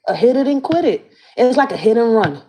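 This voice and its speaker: A woman with a fairly high voice holds forth to her camera in a casual rant, swearing freely and slipping into slang. Her pitch jumps all over the place as she tells her story, lively and expressive from line to line. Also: fairly quick, a little hiss or hum. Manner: blunt, profane, slangy storytelling. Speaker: community activist and channel host.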